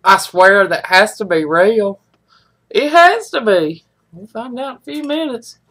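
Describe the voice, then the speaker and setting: A woman's voice: a little high, very animated, measured pace, fairly bright tone, slightly rough. A middle-aged woman, chatting in a folksy, rambling way to viewers of her live stream. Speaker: livestream host. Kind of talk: casual chat with live viewers.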